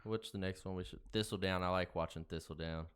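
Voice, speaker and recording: Smooth-voiced man, casual chat. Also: low-pitched, fairly quick. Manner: excitable, cheers loudly at races. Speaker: podcast co-host.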